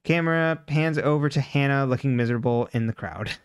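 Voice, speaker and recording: A man with a smooth, resonant voice talks through a recap in a loose, chatty way. He keeps breaking into short laughs and leans on fillers. The sound is dry and close, with no room around it. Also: medium pitch, brisk, no echo, muffled recording. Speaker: podcast co-host recapping a TV episode. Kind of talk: casual recap chat.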